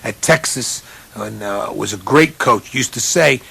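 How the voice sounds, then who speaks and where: A college basketball coach telling a self-mocking, animated story in a humorous speech, jumping up in pitch to imitate other people. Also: male voice, measured pace, creaky, husky. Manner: animated, jumps high for quoted voices.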